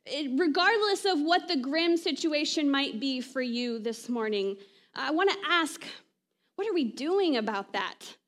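High-voiced woman preaching conversationally. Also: fairly bright tone. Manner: conversational preaching, frequent "right?" asides. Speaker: pastor. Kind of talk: sermon.

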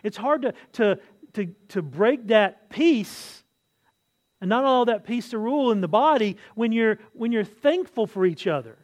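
Man preaching, fairly high voice, earnest, repeats phrases, restarts a lot. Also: expressive, moderate pace. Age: adult, married. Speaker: pastor. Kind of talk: sermon.

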